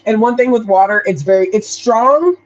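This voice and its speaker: A woman's voice: a little high, normal speed. Laid-back woman co-host, slightly dull audio. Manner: laid-back, laughs often, rambling fillers. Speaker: podcast co-host. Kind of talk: casual chat.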